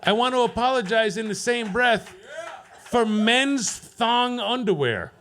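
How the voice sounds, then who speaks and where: A man works an open mic stage with a profane, deadpan stand-up set, ribbing people in the crowd. His voice sits high for a man. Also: unhurried. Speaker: stand-up comedian. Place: comedy club stage.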